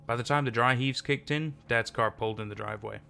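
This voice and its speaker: A man reading a horror story aloud at a steady, measured pace. His voice has a middle pitch and a marked gravelly creak. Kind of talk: scripted horror narration.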